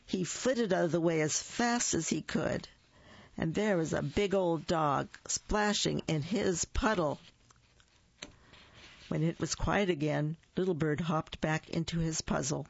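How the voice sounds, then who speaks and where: A storyteller reading a picture book aloud, expressive and acting out the sound words. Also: mid-range voice, a little slow, vocal fry, no room sound. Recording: dull lo-fi dry recording.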